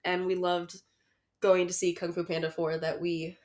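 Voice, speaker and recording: Young woman, congested co-host, deadpan jokes, lowish voice. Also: normal speed. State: congested from a cold. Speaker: podcast co-host. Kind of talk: casual chat.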